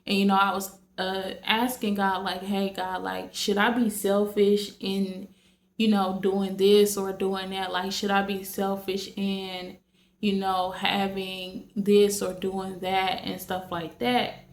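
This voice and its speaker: A woman's voice: mid-range voice, completely flat delivery, slow. A woman vlogging casually to her viewers late at night, rambling with many fillers and restarts. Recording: echoey room.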